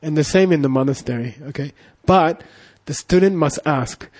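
A man's voice: a little high, normal speed, darkish tone. A middle-aged man giving a casual Buddhist teaching, rambling through anecdotes with constant "you know" and "okay?" check-ins. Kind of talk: casual dharma talk with anecdotes.

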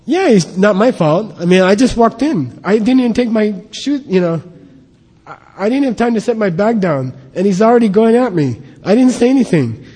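A man's voice: high-pitched, lively intonation, moderate pace, warm tone, husky, pitched above the performer's own voice. A man putting on the voice of an aggrieved person who insists none of it is his fault, talking in a whiny, defensive way. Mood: indignant. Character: aggrieved man complaining he is blamed unfairly. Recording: long hall reverb.

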